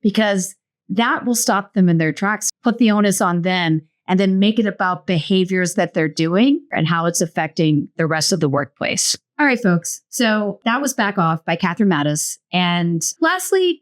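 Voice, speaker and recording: A woman hosts a book show and talks through a book in a relaxed, chatty way. She is lively and playful, and she likes to tease with quick asides. Her voice sits in a middle range for a woman. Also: medium pitch. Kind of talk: casual book summary.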